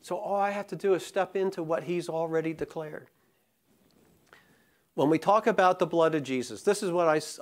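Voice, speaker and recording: A man preaching a sermon. He talks casually with many fillers, then builds to slow, impassioned emphasis. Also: medium pitch. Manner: conversational, rising to impassioned emphasis; many fillers and restarts in the calmer parts. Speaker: pastor.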